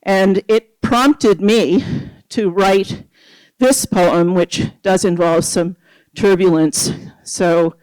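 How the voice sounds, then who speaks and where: Poet at an open mic, very slow and deliberate, smooth clear voice, dry close sound. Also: mid-range voice, fairly even intonation, a little mellow, dry recording, rough recording. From Canada, Nova Scotia. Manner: slow, measured reading with pauses. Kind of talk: poetry reading with spoken preamble.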